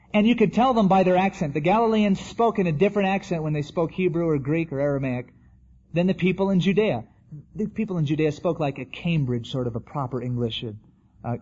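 A man's voice: on the high side, a little mellow, breathy edge, lo-fi sound. A man preaching a sermon in a conversational way, acting out the quotes he tells. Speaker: pastor.

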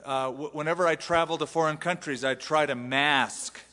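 A man's voice: a little high, moderate pace, sharp tone, in a large hall. A man from the US West Coast with an American accent, preaching a sermon in a conversational, self-deprecating way. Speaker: pastor. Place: large church hall.

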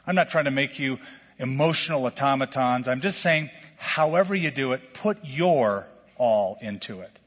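A middle-aged male pastor preaching a sermon in a lively, conversational way, full of questions to the congregation. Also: medium pitch, moderate pace, slightly rough. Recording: lo-fi sermon recording with long hall reverb.

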